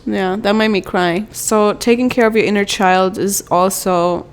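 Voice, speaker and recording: A young woman shares her thoughts in a personal self-help vlog. Her voice is smooth and clear at a middle pitch, and she talks in a soft, rambling, confessional way full of fillers. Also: fairly even intonation, unhurried. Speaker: vlogger, mother.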